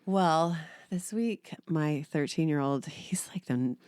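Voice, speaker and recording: Woman, 30s, low pitch, dry sound, casual podcast chat, lively storyteller. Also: slow, smooth, dry recording. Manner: animated storyteller, laughs often. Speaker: podcast co-host.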